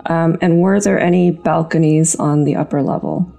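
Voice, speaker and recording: A woman's voice: low-pitched, moderate pace, creaky, mellow, faint music behind. A woman playing a tabletop game, speaking hesitantly and thoughtfully. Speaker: player. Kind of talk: casual tabletop game play.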